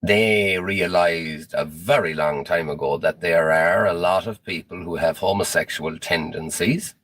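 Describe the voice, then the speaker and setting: A man delivers a measured, grave lecture. His voice is very low. The sound is dry and close. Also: a bit bright, dry recording, poor audio. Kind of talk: recorded monologue.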